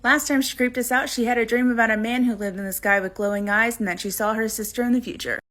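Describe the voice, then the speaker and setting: Mom telling a creepy story about her kid, kinda high voice, plain and earnest. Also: fairly even intonation, quick pace, fairly bright tone. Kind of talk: casual storytelling to camera.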